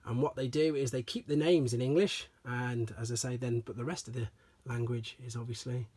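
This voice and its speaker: A man doing a casual show-and-tell review of collectible toys, chatty and relaxed, often repeating stock phrases like "as I say". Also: mid-range voice, fairly quick, slightly rough.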